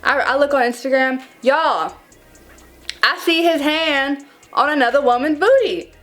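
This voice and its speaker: A young woman in her twenties telling a casual storytime to her viewers, dramatic and animated, calling them y'all. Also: high voice, a little slow, soft background music. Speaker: vlogger.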